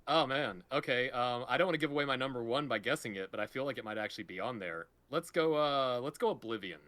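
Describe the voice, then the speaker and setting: A man's voice: mid-range voice, animated, fairly bright tone. A man co-hosting a casual podcast, rambling and correcting himself as he goes. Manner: fast, rambling, self-correcting. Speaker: podcast co-host.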